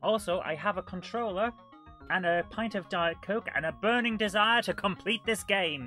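A woman talks a live retro game stream, chatty and self-mocking as she greets viewers in the chat. Her voice is bright and forward, with faint music playing behind her. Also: medium pitch, normal speed. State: coughing and out of breath. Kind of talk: live gameplay commentary.

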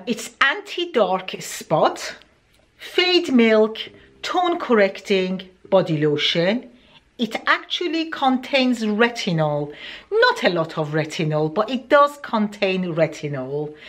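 A woman with an accent, chatting unhurriedly through a beauty product review with plenty of ums. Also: medium pitch. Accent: non-native English accent. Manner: chatty and deliberate, many ums. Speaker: beauty vlogger.

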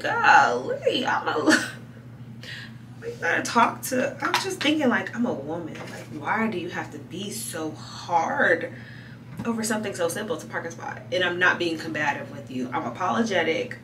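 A woman vlogging at home at night, telling a story to the camera in an animated way and laughing between lines. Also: on the low side, normal speed, recorded from a distance, background noise. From Atlanta, USA. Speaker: lifestyle vlogger. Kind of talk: casual story time to camera. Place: home room at night, getting ready for bed. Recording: echoey room, voice a bit off-mic.

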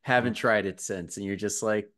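A man hosting a podcast, laid-back and quick to laugh, asking follow-up questions in casual chat. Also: on the low side, fairly even intonation, a bit bright. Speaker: podcast host.

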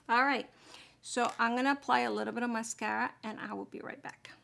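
A woman's voice: a little high, fairly even intonation, moderate pace, creaky, fairly bright tone. A woman chatting casually through a makeup tutorial, explaining each step as she applies it. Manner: chatty, explaining steps while applying makeup. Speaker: beauty vlogger.

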